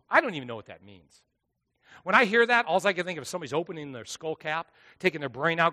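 A man preaching a sermon as pastor, swinging between hushed asides and loud, driving lines. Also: a little high, lively intonation, fast talker. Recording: long hall reverb.

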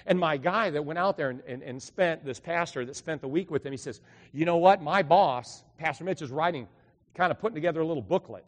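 A middle-aged pastor delivers a sermon with a fairly high voice that rings out through a church hall. He swings from loud, fervent bursts to hushed, confiding asides, and the long reverb trails after each phrase. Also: fairly quick. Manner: animated preaching, swinging between loud bursts and quiet asides. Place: church sanctuary.

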